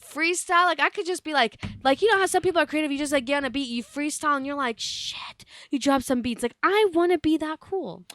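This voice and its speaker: A woman's voice: high-pitched, fairly bright tone, no echo, studio quality. Giggly, teasing woman on a podcast. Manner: giggly, teasing, quick to laugh. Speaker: podcast co-host. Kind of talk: casual chat.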